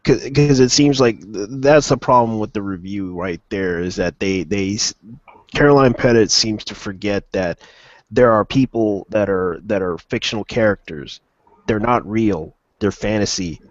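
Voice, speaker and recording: A man's voice: on the low side, normal speed, no echo, muffled recording. A man hosting a casual opinion stream, rambling with frequent restarts.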